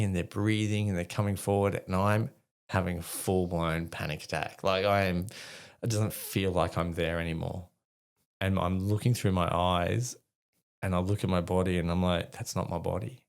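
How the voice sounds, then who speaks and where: A man's voice: deep voice, little pitch movement, moderate pace, vocal fry, clean tone. A middle-aged Australian man telling a story as a podcast guest, swearing freely, with many fillers. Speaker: podcast guest, army veteran. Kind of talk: casual storytelling in conversation.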